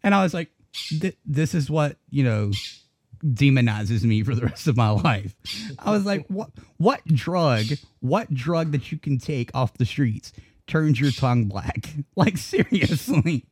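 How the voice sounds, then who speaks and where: A man co-hosting a casual podcast chat, telling a story in an animated, profane way and laughing often. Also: medium pitch, measured pace, slightly rough. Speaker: podcast co-host.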